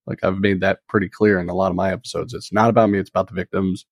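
A man who hosts a podcast, speaking in a measured, hesitant way with frequent pauses in a roundtable discussion. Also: low-pitched, little pitch movement, no room sound, clean studio sound. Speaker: podcast host.

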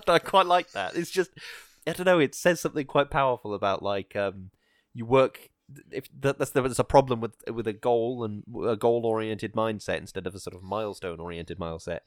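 A man's voice: fairly low pitch, moderate pace, no room sound, studio quality. A man chatting casually about a film, rambling and hesitant with many fillers and restarts.

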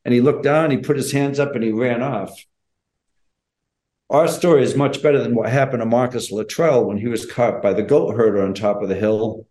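An older man, a former special forces operator, telling a story in an interview in a measured, earnest, plainspoken way. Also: medium pitch, dark tone. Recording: roomy echo.

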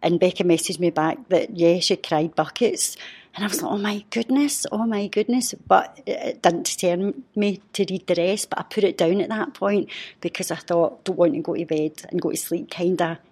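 Fifties woman, podcast guest, low husky voice, emotional halting storyteller. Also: steady tone, darkish tone. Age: 50s. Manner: heartfelt, halting, with restarts.

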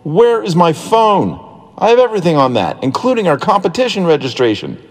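A sensible older boy from a storybook, the clear leader of the bunch, with a voice lifted high and full of panic, as a man plays him. His lines carry a roomy, reverberant tail. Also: expressive, unhurried. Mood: frantic. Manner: frantic, panicky. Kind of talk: storybook reading.

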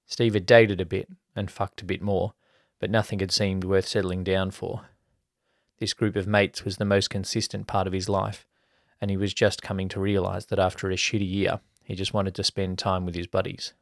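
Aussie guy reading a spicy story, low voice, pretty flat delivery, dry close sound. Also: moderate pace, gravelly, no room sound. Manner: even storytelling, colloquial mates' banter. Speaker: podcast narrator. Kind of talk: reading an erotic story aloud.

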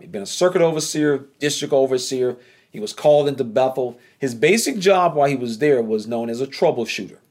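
Southern man, casual storyteller, animated, repeats himself, mid-pitched. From North Carolina. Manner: animated, repeats phrases, voice jumps up when excited.

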